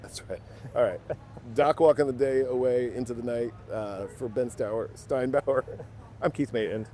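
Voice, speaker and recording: A man co-hosting a podcast, chatting casually on a winter street and thinking out loud. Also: medium pitch, normal speed, a little hiss or hum. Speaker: podcast co-host. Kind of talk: casual outdoor chat. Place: outdoors on a city street in winter.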